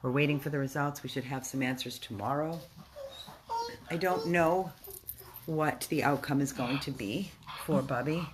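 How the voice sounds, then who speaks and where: Woman rescue volunteer, very deep voice, emotional and halting delivery, casual video update. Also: noisy background. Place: rescue house, indoors.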